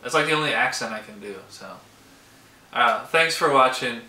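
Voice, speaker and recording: A man reviews a beer in a loose, rambling way, filling gaps with "like" and "um." His voice sounds very bright and forceful. The room around him is echoey. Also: medium pitch, moderate pace. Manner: rambling, heavy use of "like" and "um". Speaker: beer reviewer, show host. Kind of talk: casual beer tasting review. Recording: roomy echo.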